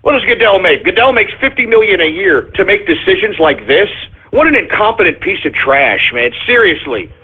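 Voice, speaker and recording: A man hosting a talk radio show, ranting loudly and profanely with indignant repetition. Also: high-pitched, sing-song, moderate pace, slightly rough. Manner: loud, profane, indignant ranting with repeated catchphrases. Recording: phone-like lo-fi radio audio.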